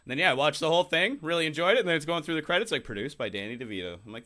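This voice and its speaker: A man's voice: fairly high pitch, lively intonation, very fast, few pauses, fairly bright tone. A man co-hosting a podcast in casual chat, rambling and swearing, often laughing. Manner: rambling, profane, laughs a lot. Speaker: podcast co-host.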